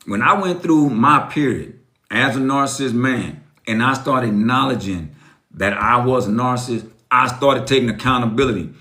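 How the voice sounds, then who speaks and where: A middle-aged man talks in a high, ringing voice on a live-stream motivational talk. He is emphatic and preachy, driving his points home by repeating them. The recording sounds like an echoey room. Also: bright, forceful tone.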